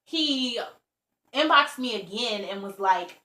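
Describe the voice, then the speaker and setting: Young woman vlogger, chatty storyteller, bright edge, echoey room sound. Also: medium pitch, moderate pace. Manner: chatty, lots of "like" and "you know". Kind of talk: casual storytime. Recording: roomy echo.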